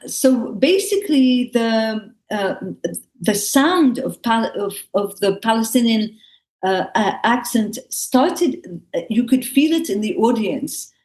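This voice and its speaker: A woman who is a stage actress, answering on a panel in an unhurried way and often restarting and correcting herself. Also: on the high side, a little mellow. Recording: echoey room.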